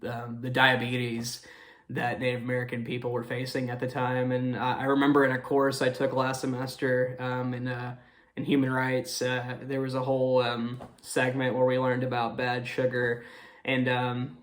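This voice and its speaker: A man's voice: mid-range voice, completely flat delivery, moderate pace, fairly bright tone. A young man hosting a casual movie review, talking in a rambling way with many fillers and apologetic self-corrections.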